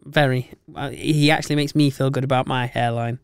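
A man in casual podcast chat with a smooth, resonant voice, often stumbling over his words before going on. The sound is close and dry. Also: mid-range voice, steady tone, brisk, dry recording. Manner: chatty, stumbling restarts, laughs often. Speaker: podcast co-host.

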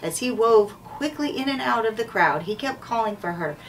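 A woman school principal reading a children's chapter book aloud in a clear, measured way. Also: a little high, animated. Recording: distant mic, faint background noise.

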